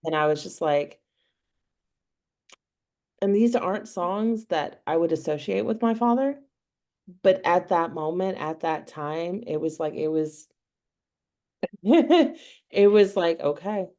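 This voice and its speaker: A woman's voice: lowish voice, slow, pauses often, darkish tone. A woman guest on a video call, telling stories in a rambling way full of "you know" fillers. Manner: rambling storytelling with many fillers. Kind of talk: casual chat.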